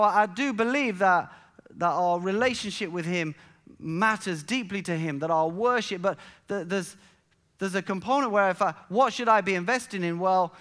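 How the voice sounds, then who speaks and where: A middle-aged pastor preaching with a high-pitched voice. He stumbles and restarts, then builds his lines to emphatic peaks as he tells a story to his congregation. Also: a bit bright. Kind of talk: sermon.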